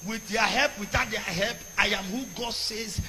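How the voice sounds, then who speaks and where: A man with a Nigerian accent giving a fiery sermon-style rant, often shouting and slipping into pidgin. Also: high-pitched, moderate pace, big-room sound, heavy background noise.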